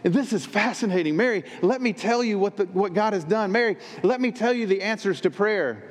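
A preacher voicing an excited woman who gushes as she shares big news. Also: high voice, brisk, voice pushed up. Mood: gushing. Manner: gushing, breathless with excitement. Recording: long reverb in a large hall.

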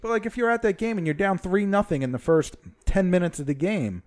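A man's voice: high voice, lively intonation, a little mellow. Laughing American male podcast co-host. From United States. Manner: quick, laughing banter. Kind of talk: casual chat.

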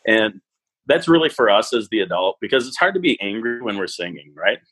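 A man's voice: lowish voice, fairly quick, breathy edge, no echo, poor audio. A man who teaches a parenting class, telling stories in a casual chat and acting out the voices he quotes. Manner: animated, acts out quoted voices.

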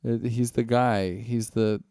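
A young man in casual chat, teasing and firing off quick questions. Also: mid-range voice, fairly even intonation, dark tone, no room sound, studio quality.

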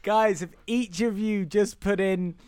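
A man's voice: high voice, a little slow, darkish tone. A British man hosting a podcast, teasing his co-host and often breaking into laughter. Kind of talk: casual comedic chat.

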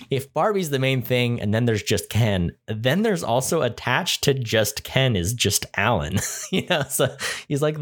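A man co-hosting a casual movie chat, enthusiastic and rambling with lots of fillers. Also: mid-range voice. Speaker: podcast co-host.

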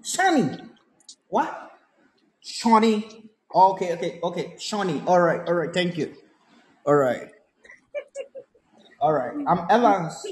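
Slow-spoken pastor, lively pitch. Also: male voice. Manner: slow, polite, repeats short phrases. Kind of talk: prophetic ministration session.

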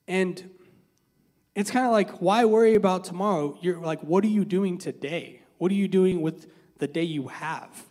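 A man's voice: sits high, fairly even intonation, measured pace, a little mellow, long reverb tail. A man giving a casual, conversational sermon, talking through a Bible passage with many fillers and restarts. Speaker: preacher.

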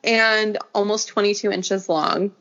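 A woman's voice: mid-range voice, steady tone, measured pace, fairly bright tone. A young woman telling her story as a guest in a casual interview, talking with lots of fillers. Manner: chatty storytelling, many fillers. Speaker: podcast guest. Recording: slightly dull lo-fi audio.

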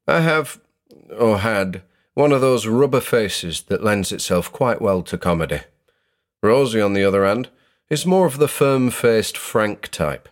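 A young man narrating a horror story in a measured, suspenseful first-person telling. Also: fairly low pitch, expressive. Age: young adult.

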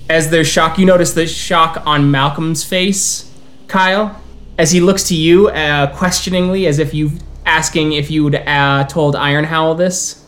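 A man narrating as storyteller of a tabletop role-playing game, voicing its characters in turn with halting restarts. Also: fairly high pitch, steady tone, fairly bright tone, soft background music. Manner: plays many characters in quick turns, with halting restarts.

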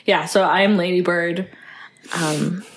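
A woman's voice: lowish voice, fairly even intonation, measured pace, noisy background. A young woman in casual chat, talking with many fillers and acting out quotes from a film. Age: young adult. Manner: chatty, lots of fillers, acts out quotes.

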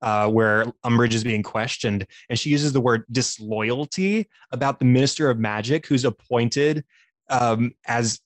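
A man's voice: mid-range voice, a little slow, no echo. A man talking casually on a podcast, analyzing a film with enthusiasm and frequent laughter. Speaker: podcast co-host or guest, teacher by day.

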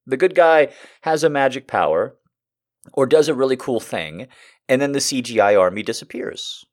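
A young man hosts a comedy podcast, rambling through crude jokes and self-mockery. His pitch swings widely as he talks. The talk is loose and casual. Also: animated, normal speed. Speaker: podcast host.

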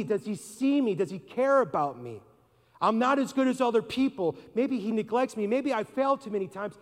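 A male pastor delivers a sermon in a loose, conversational manner, asking rhetorical questions and slipping into little acted-out voices. His voice sits high for a man. The sound carries the long reverb of a large hall.

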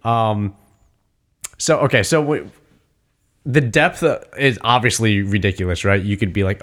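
A man with a fairly low voice talking casually on a podcast. He is animated and acts out a posh waiter in little bursts. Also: measured pace, long pauses. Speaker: podcast co-host. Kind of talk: casual chat.

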